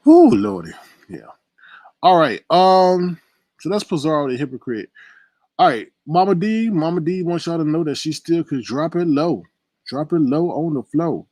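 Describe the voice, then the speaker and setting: Male host, casual commentary, laughs often, very expressive pitch. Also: no room sound. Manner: chatty, laughing, drawn-out exclamations.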